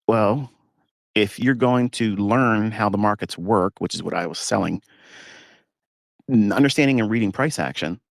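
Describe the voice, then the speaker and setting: A lower-pitched man talks from inside his parked pickup truck, and the sound is dry and close with no echo. He is a trading mentor, and he rants emphatically and scornfully with mocking asides. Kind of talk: casual monologue to viewers.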